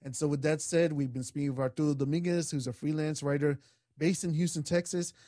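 A man's voice: on the high side, a little fast, no echo, clean studio sound. A man hosting a radio talk show, thanking guests and closing the program. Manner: steady, wraps up segments and thanks guests.

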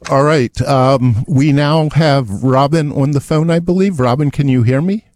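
A man's voice: on the high side, a little slow, a little mellow, dry recording. A man hosting a radio music show in the studio, chatting casually and hesitantly with plenty of ums. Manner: hesitant, many ums, chuckles. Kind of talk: casual on-air chat.

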